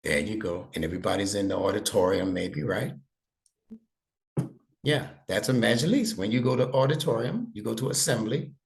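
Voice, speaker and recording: Patient low-voiced male tutor. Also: animated, normal speed, creaky. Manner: patient, explains step by step and checks understanding. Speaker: Arabic instructor and imam. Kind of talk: one-on-one tutoring lesson.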